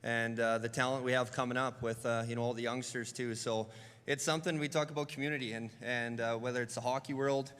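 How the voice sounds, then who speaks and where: A man from Alberta making relaxed remarks as a guest presenter at an awards show. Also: medium pitch, fast, clean tone, big-room sound. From Alberta, Canada. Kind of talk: casual stage remarks. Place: large hall at an awards show.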